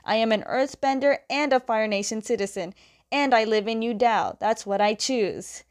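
A woman's voice: on the high side, normal speed, lightly acted. A woman voicing a defiant young woman earthbender from a comic, speaking in an indignant, firm way.

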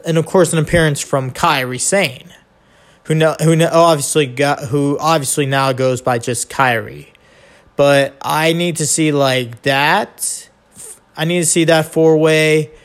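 Nasal guy on a solo podcast, kinda high voice, keeps tripping over his words and starting over. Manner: rambling, stumbling and restarting sentences; frank, swears casually. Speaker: podcast host. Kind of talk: casual solo wrestling podcast.

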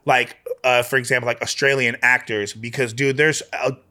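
A man talking as a guest on a podcast, rambling and animated, full of slang and heavy swearing. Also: mid-range voice, normal speed. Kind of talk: casual podcast chat.

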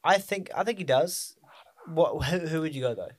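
Man, middle pitch, dry close sound, rambling co-host who loses his thread. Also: moderate pace, no room sound. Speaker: podcast co-host. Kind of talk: casual chat about films.

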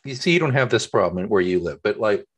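A man co-hosting a podcast from his home office, chatting casually and telling animated anecdotes. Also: fairly low pitch, fast, breathy edge. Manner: animated storyteller, acts out voices in his anecdotes. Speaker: podcast co-host. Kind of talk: casual chat.

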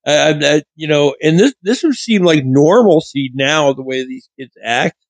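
A vlogger with a slightly high, animated voice tells casual stories at a moderate pace, rambling and often correcting himself. He speaks into a studio mic with a pop filter, and the recording is rough but has no echo.

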